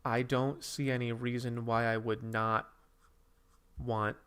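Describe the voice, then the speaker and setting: A man's voice: mid-range voice, little pitch movement, takes it slowly, fairly bright tone, clear, resonant tone. A man hosting a casual livestream, rambling while he reads and answers viewers' comments and draws. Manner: drawing while talking. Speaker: streamer host.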